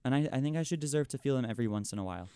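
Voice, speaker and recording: A young man hosting a college radio show, ranting in exasperation and packing his talk with "like". His voice sits at an ordinary middle pitch. It is recorded close and dry, with no room sound. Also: animated, very fast, warm tone, clear, resonant tone, no echo. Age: young adult. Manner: exasperated ranting, frequent "like" and "it's like". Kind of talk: venting on air.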